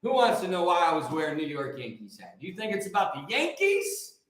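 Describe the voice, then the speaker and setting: A high-voiced man preaching on his morning show in a loose, joking way, wandering off on tangents as he goes. His voice rings out in a very echoey room with a long tail. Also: fast talker. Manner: joking, rambling, animated. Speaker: host and preacher. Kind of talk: casual live preaching talk.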